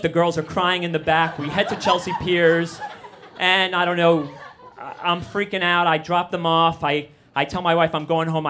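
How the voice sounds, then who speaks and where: A middle-aged man telling a true story live on stage, rambling, self-deprecating and full of quick asides. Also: fairly high pitch, fairly bright tone, a little hiss or hum.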